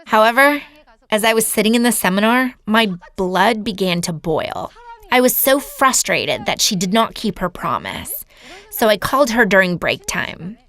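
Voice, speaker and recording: A woman's voice: medium pitch, lively intonation, normal speed, a bit bright. A woman giving a lecture as an earnest personal testimony, telling her story to a seminar audience. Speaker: seminar speaker.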